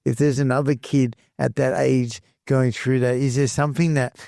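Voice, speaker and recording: A man hosting a podcast interview, gentle and sympathetic. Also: mid-range voice, flat delivery, moderate pace, creaky, no room sound, studio quality. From Australia. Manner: gentle, sympathetic, soft-spoken. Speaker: podcast host.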